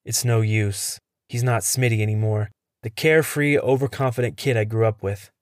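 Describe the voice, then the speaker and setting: A man reading a first-person horror story in a steady, tense delivery. His voice sits low, and the sound is dry and close, with no room around it. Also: moderate pace, no echo.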